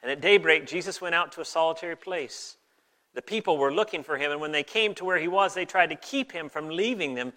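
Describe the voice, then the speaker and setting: A man preaching to his congregation in an easy, conversational way, with folksy asides. His voice sits a little high and sounds bright and forward. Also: fairly quick. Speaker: pastor. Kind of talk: sermon with scripture reading.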